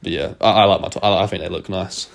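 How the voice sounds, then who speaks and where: A man's voice: low voice, steady tone, fast talker, vocal fry. A young man co-hosting a casual podcast while sick. He rambles, restarts, swears freely and breaks into laughter often. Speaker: podcast co-host. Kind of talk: casual chat.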